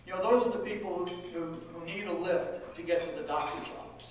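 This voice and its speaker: A middle-aged man, leading a state legislature, rouses a rally with folksy political talk, his high voice moving fairly quickly. He's captured from a distance in a large, echoey hall, with background noise present.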